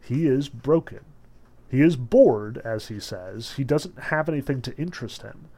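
A man's voice: medium pitch, expressive, measured pace, dark tone. Casual man explaining a novel. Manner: casual, many "like" fillers. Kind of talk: casual book discussion.

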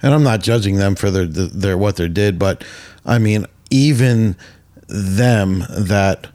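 A man with a very low, warm voice hosts a relaxed Bible discussion. He sounds agreeable and reflective. The sound is dry and close. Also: slow, no room sound. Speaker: podcast host.

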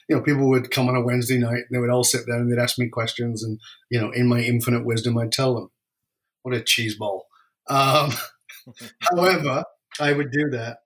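A man's voice: medium pitch, fairly bright tone. Guy telling a heavy personal story, reflective, pace all over the place. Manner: emotional, reflective, varies pace widely.

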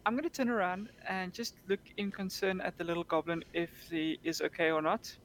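Calm woman playing a tabletop game. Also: fairly low pitch, brisk. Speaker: player.

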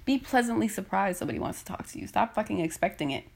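A woman's voice: medium pitch, lively intonation, quick pace, creaky, a little mellow, breathy edge. A woman podcast host ranting casually and bluntly into her phone, swearing and exasperated.

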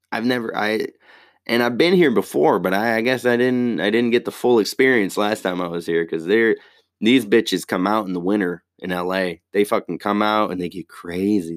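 A young man hosting his own podcast, ranting casually in a profane, rambling, animated way. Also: lowish voice, normal speed, no echo, studio quality. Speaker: podcast host, stand-up comic. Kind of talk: casual solo podcast rant.

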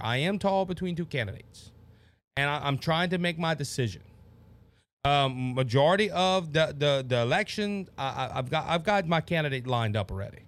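Heated Louisiana man hosting a talk show. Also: a little high. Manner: passionate, heated, repeats words when worked up. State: worked up and sweating. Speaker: podcast host. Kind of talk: opinionated political talk show.

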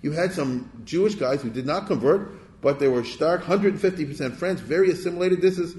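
A man's voice: on the high side, fairly quick, a little mellow. A man giving a lecture in a conversational, digressive way, often checking in with his audience with rhetorical questions. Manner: digressive, with restarts. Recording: echoey room.

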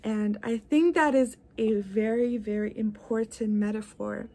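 A woman with a fairly high voice gives an earnest motivational talk as a podcast host and wellness coach. She speaks in an encouraging, heartfelt way. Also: a little slow, warm tone.

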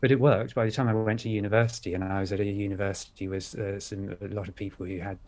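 A man with an upper-class English accent, telling personal stories in a candid, reflective chat, with many pauses and fillers. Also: lowish voice, level tone, darkish tone. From United Kingdom. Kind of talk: casual chat, storytelling.

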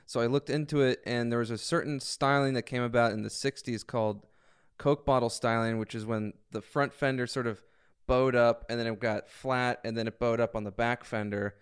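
A man's voice: mid-range voice, steady tone, moderate pace, clean tone, dry recording, clean studio sound. A man co-hosting a casual podcast, reading listener comments aloud. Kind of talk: casual chat.

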